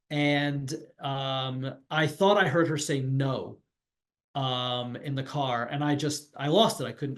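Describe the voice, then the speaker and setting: A middle-aged man on a video call, telling his own story candidly and reflectively, often restarting his sentences. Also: medium pitch. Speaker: pediatrician and webinar panelist. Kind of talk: personal account on a professional webinar.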